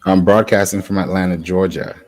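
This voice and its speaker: A man's voice: low voice, fairly even intonation, a little fast, darkish tone. A man with a Nigerian accent, a guest on a video call, answering politely and briefly.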